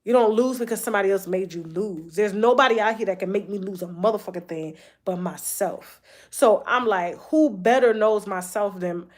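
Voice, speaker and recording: A woman's voice: medium pitch, moderate pace, darkish tone. A woman hosting a gossip show, talking candidly in a blunt, heavily profane way and repeating phrases for emphasis. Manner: repeats phrases and restarts often. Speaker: host of a celebrity gossip show. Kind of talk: candid personal monologue.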